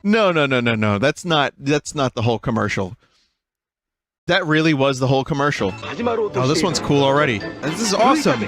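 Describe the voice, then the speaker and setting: A man in his thirties, a streamer giving casual, profane and excitable reaction commentary, laughing often. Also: mid-range voice, moderate pace, over music.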